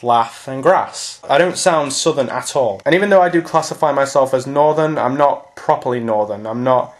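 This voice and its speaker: Sarcastic East Midlands man, foul-mouthed. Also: medium pitch. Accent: East Midlands (Nottinghamshire). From Nottinghamshire, England. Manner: sarcastic, mocking, heavy swearing. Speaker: vlogger. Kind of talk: casual vlog commentary.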